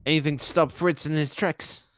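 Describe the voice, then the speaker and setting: A man's voice: fairly high pitch, fairly even intonation, normal speed, a bit bright, no echo, soft background music, natural voice. A man voicing a dotty, pompous old English army brigadier with a posh, blustering English accent, reading game dialogue aloud. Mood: jolly.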